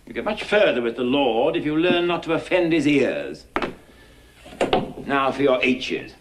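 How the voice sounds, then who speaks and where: A man's voice: medium pitch, big pitch swings, a little slow, a little hiss or hum. An actor playing an exacting, impatient male phonetics professor who drills his pupil with precise, hectoring diction in a musical film. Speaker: speech tutor drilling a pupil. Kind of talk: 1960s musical film acting.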